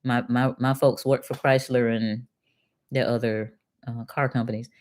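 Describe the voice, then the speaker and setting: A woman's voice: extremely low pitch, level tone, moderate pace, a little mellow. An older woman from Detroit reading political promises aloud to a live chat and answering them with sarcastic, indignant asides. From Detroit, USA. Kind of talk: casual livestream commentary.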